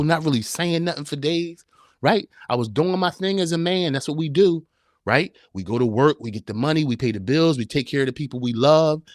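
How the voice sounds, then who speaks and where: A medium-pitched man hosts a live-streamed motivational podcast, heard in a dry, studio-quality recording. He speaks emphatically, in a preacher's manner, repeatedly posing rhetorical questions.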